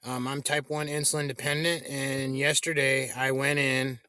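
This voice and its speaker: Flat, bright-voiced man. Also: mid-range voice, normal speed, dry recording. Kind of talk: casual chat.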